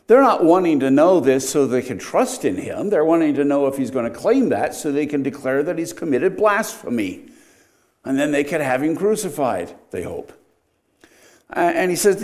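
Animated, emphatic male preacher. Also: fairly high pitch, moderate pace. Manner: animated, emphatic, voice rising and dropping sharply. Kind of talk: expository sermon.

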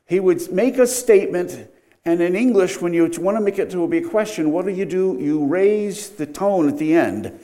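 A man's voice: high voice, moderate pace, dark tone. A middle-aged man preaching an expository sermon, emphatic, his voice rising and dropping sharply.

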